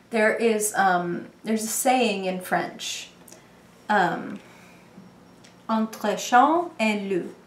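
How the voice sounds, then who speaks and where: A woman giving a casual, playful tarot reading to the viewer, chatty and quick to laugh. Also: medium pitch, echoey room, slight background noise. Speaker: tarot reader.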